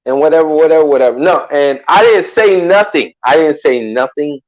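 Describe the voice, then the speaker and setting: A man with a notably high voice tells a rambling personal story in loose, slangy chat. He gets animated and keeps checking in with the listener. The sound is a bit dull and lo-fi. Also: brisk. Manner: animated, acts out quoted lines loudly, salty slang.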